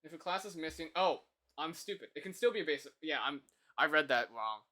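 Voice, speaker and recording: Bright, chatty male streamer thinking aloud. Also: fairly high pitch, expressive, a little fast. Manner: chatty, thinks aloud, self-deprecating, laughs easily. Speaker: live streamer. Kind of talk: casual live-stream chat while coding.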